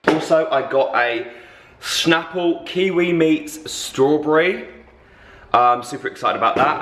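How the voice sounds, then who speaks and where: A man's voice: on the high side, takes it slowly, fairly bright tone, slight background noise. A young man, chatting casually to his vlog audience with bubbly, exaggerated reactions. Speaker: vlogger. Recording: echoey room with faint ambience.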